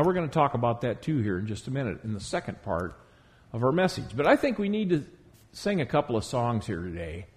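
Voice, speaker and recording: A man preaching a sermon to a congregation in a church, emphatic, drawing out key words slowly. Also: medium pitch, a little mellow. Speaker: pastor.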